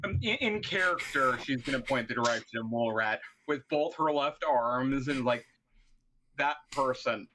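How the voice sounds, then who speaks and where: A man at a tabletop game with a bright voice, stumbling over the first words of his lines. A faint hiss sits under the recording. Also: mid-range voice, moderate pace, rough recording. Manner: stammers, repeats words at starts. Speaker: player. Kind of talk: casual tabletop play.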